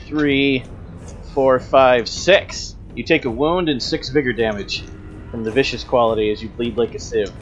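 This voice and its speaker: A man running a tabletop role-playing game as game master, briskly explaining rules and teasing the players. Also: mid-range voice, dull audio, a little hiss or hum.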